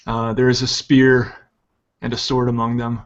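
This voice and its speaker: A man runs a tabletop game with a mid-pitched voice. He pauses often and fills the gaps with ums. The audio is dull and lo-fi. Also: monotone. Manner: hesitant, many ums. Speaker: game master.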